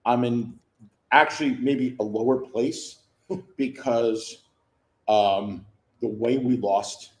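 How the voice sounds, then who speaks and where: A man's voice: medium pitch, takes it slowly, long pauses. A man in his fifties, a guest on a live sports chat, rambling with wry humor. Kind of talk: casual chat. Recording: echoey remote call audio.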